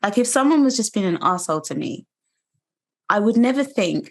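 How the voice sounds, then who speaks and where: A British woman in her thirties, a guest telling her own story in an earnest, measured, reflective way. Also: mid-range voice, expressive. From United Kingdom. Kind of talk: personal testimony interview.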